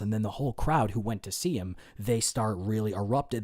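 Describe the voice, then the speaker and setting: A man with a lowish voice and a dark, mellow tone hosts a casual livestream, reacting to chat comments. He rambles and swears freely, restarting sentences as he goes. The sound is dry and close, with no room around it. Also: moderate pace, no room sound. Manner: rambling, profane, many fillers and restarts. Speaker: livestream host.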